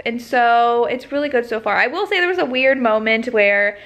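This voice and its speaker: A woman's voice: a little high, a little fast, hardly any pauses, fairly bright tone. A young woman and teacher chatting casually at home in a reading vlog, enthusiastic and full of fillers. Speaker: book vlogger.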